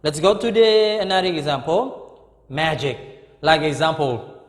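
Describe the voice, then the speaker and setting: A middle-aged man teaches English grammar in a high, slow voice. He repeats each word several times and keeps checking in with "okay?". The recording sounds echoey, with a long reverb. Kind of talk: grammar lesson.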